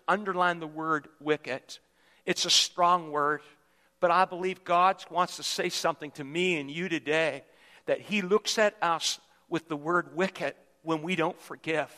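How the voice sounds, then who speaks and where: Male pastor, high bright voice, emphatic sermon delivery, recorded in a reverberant church hall. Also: moderate pace. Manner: emphatic preaching with repetitions. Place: church sanctuary.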